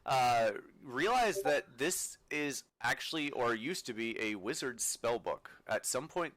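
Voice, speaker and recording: Halting man game master, low voice. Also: fairly bright tone, no echo, low-quality recording. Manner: halting, many fillers and restarts. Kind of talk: narrating a tabletop game.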